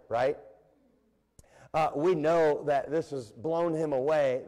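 Animated male preacher in an echoing church. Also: on the high side. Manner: animated preaching with call-and-response and playful voices. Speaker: pastor. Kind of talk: sermon. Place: church sanctuary. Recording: long reverb of a church hall.

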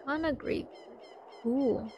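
A woman's voice: sits high, slow, highs cut off, a little hiss or hum. Chatty woman narrating her gameplay. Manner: chatty, talks back to game characters. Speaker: let's play host. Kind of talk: casual gameplay commentary.

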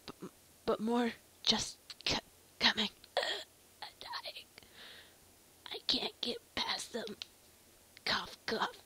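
A woman voicing a wounded middle-aged man who coughs from smoke and speaks in a weak, breathy whisper. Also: fairly high pitch, very animated, bright, forceful tone, heavily acted. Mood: weak, dying. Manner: weak, gasping, halting.

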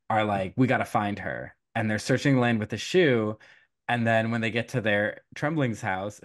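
Man retelling a folktale, animated. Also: fairly low pitch. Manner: animated storytelling, quick quoted voices, frequent laughs and fillers. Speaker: podcast host retelling a folktale. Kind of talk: casual chat.

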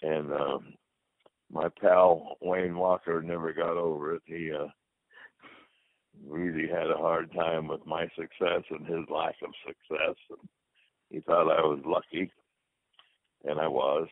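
A man's voice: a bass voice, flat delivery, a little slow, vocal fry, long pauses, no echo. An older man, a retired football player, telling rambling anecdotes as an interview guest and acting out the dialogue. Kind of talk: casual storytelling. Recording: dry phone-like lo-fi recording.

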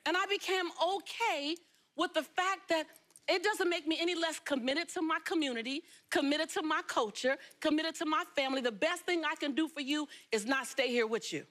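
A woman from Los Angeles, a talk show guest telling her life story in an animated, emphatic way. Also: high-pitched, moderate pace. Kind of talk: storytelling interview.

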